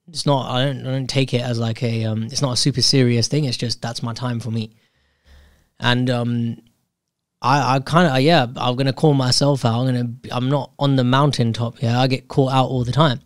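A man talks through a personal story in a loose, unscripted monologue. He is candid and self-questioning, stopping and restarting his phrases as he thinks aloud. His voice sits at an ordinary pitch, recorded close and dry with no room sound. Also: fairly even intonation, moderate pace, no room sound.

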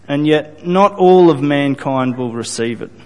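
A man preaching a sermon to his congregation, earnest and deliberate, repeating phrases and restarting sentences as he builds his point. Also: fairly high pitch, expressive, a little mellow, long reverb tail. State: briefly choked up. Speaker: pastor.

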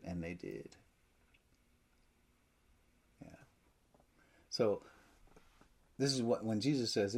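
A man preaching a sermon, emphatic, with loud stresses that drop to near-whispers. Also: lowish voice.

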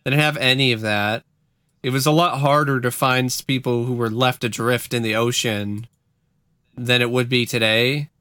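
A man's voice: medium pitch, steady tone, moderate pace, bright, forceful tone, smooth, dry recording, studio quality. A man cohosting a podcast, chatting casually and throwing in sarcastic remarks. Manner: wry, sarcastic asides, laughs often. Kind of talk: casual chat.

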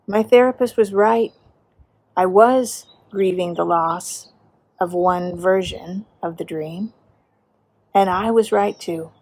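A middle-aged woman pastor preaching a sermon, earnest and measured, slowing down for emphasis. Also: mid-range voice, darkish tone.

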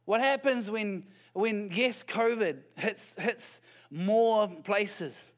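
High-voiced New pastor preaching. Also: male voice, very slow. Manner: conversational, peppered with rhetorical questions to the congregation; light self-deprecating humor. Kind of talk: sermon.

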